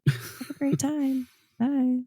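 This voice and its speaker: A woman doing a rude customer service agent on the phone, pitched up bright and sugary while she brushes the caller off. The sarcasm is plain under the cheer, and the sound is dry and close. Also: level tone, takes it slowly, dry recording. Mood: snippy. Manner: sarcastic, fake-chipper phone voice. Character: curt, dismissive female customer service agent.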